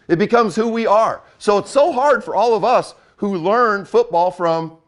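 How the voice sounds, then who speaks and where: Blunt older man, higher-pitched coach. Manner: blunt, emphatic, repeats for effect. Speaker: football coach. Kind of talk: coaching talk.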